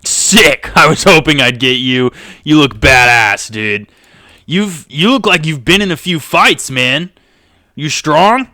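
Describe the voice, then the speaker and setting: A man voicing a brash, swearing male battling creature with fangs, loud and cocky. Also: fairly high pitch, expressive, slow pace, dry recording, clean studio sound, voice pushed up, exaggerated voice. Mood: impressed.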